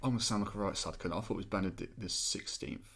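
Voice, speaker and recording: A man's voice: lowish voice, quick pace, a bit bright, husky. A man co-hosting a podcast, bantering and swearing freely with his co-host. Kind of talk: casual chat.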